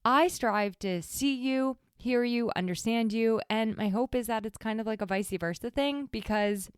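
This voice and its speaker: A woman's voice: on the high side, normal speed, smooth, dry recording. A woman hosting her own podcast, talking candidly and chattily, often close to tears. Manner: candid, chatty, heavy use of "like". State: teary, voice close to crying. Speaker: podcast host. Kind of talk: solo podcast monologue.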